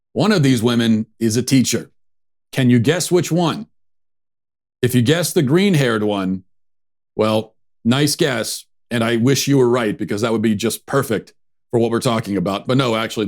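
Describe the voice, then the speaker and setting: A man hosting a show, giving sarcastic, mocking political commentary. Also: mid-range voice. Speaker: host.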